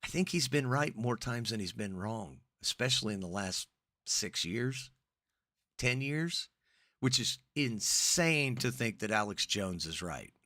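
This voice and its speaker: Rambling podcast guy, low bright voice. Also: a little slow, dry recording, studio quality. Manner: rambling, animated, self-interrupting. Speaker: podcast co-host. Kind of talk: casual podcast chat.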